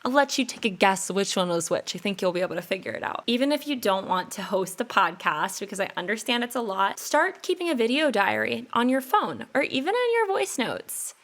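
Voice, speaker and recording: A woman's voice: mid-range voice, sing-song, a little fast, hardly any pauses, a bit bright. Upbeat young woman giving life advice. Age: 20s. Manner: earnest, coaching, direct address to listener. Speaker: podcast host. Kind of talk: solo advice podcast monologue.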